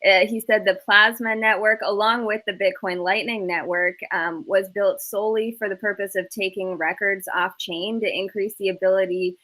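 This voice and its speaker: A woman guest on a panel chat, summarising news in a measured, hesitant way with many fillers. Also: mid-range voice, fairly even intonation, sharp tone.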